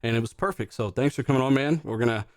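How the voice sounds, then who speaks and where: A man hosts a live gaming podcast at a quick clip. His voice sits at a middle pitch and sounds dry and close to the mic. He rambles casually, swears freely and fills his sentences with "uh" and "you know". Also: no echo. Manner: loose, profane, rambling with fillers. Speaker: podcast host. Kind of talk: casual live-stream chat.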